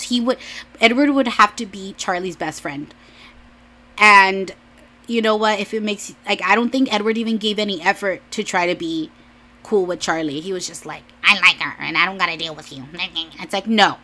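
A young woman vlogger with a bright, clear, mid-range voice chats casually. She rambles, restarts sentences, scatters "like" everywhere and laughs often.

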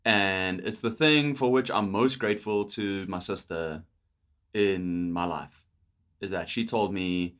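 Chatty South African man, low-pitched. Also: slow, fairly bright tone. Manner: chatty, laughs often, restarts sentences. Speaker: podcast host. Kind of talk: casual chat.

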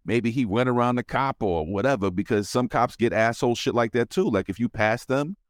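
A man hosting a podcast, telling a story in casual, profane, animated chat. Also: medium pitch, brisk, no room sound, studio quality. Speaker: podcast host.

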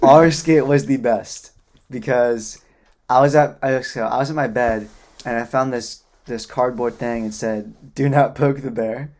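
A young man co-hosting a podcast, laid-back in casual chat and lively when he tells a story. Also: medium pitch, measured pace. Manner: laid-back, animated when telling stories. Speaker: podcast co-host.

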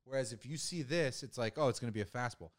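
A man's voice: mid-range voice, fast. A young man co-hosting a casual podcast chat, rambling with lots of "like," restarts and swearing. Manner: rambling, profane, many restarts and fillers. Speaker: podcast co-host.

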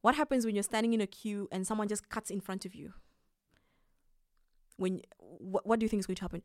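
A woman hosting a casual advice monologue, animated and quick to laugh as she acts out little scenes. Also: mid-range voice, no echo, studio quality. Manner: animated, acts out quoted reactions, laughs often. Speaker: podcast host.

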